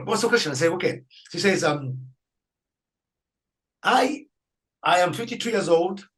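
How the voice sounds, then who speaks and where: A priest telling a story in an interview, acting out the people in it and laughing often. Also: male voice, on the high side, rough recording. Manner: animated storyteller, acts out dialogue, laughs often. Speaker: Catholic priest guest.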